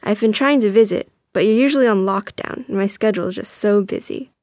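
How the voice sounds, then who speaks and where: A woman's voice: mid-range voice, fairly quick, darkish tone, no room sound, studio quality, close to an everyday voice. A woman voicing a young male childhood friend in a story she reads, easygoing and reassuring. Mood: friendly. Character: young man, childhood friend, caring guard.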